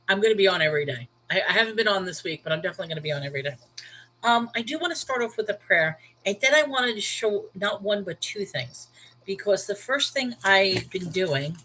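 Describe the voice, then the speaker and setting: A chatty woman in her thirties with a Brooklyn New York accent hosts a casual livestream about the Bible. She talks candidly and with emphasis, addressing her viewers by name in a mid-pitched voice. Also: bright, forceful tone, a little hiss or hum, rough recording. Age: 30s. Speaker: livestream host.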